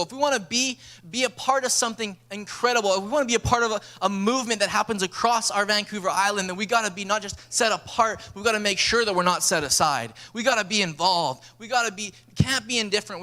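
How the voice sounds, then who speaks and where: A man preaching a sermon as a pastor, energetic and storytelling, acting out bits of dialogue as he goes. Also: high-pitched. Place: church sanctuary.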